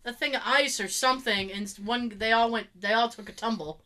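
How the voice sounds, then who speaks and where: A woman's voice: on the high side, brisk, bright, forceful tone. A woman with a Boston accent, chatting as a podcast co-host and acting out quotes as she tells a story, often breaking into laughs. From Boston area. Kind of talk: casual chat.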